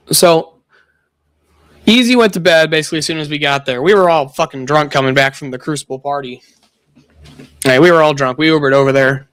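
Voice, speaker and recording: A man's voice: on the high side, fairly bright tone, no echo. A young man streaming, telling a profane party story with frequent laughter. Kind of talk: casual chat.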